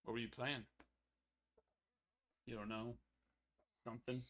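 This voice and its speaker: A man hosts a casual live stream from home, drawling along at an easy, unhurried pace. His talk is chatty and playful, and it turns soft and cooing whenever he comforts a child nearby. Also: medium pitch, little pitch movement. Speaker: card break host.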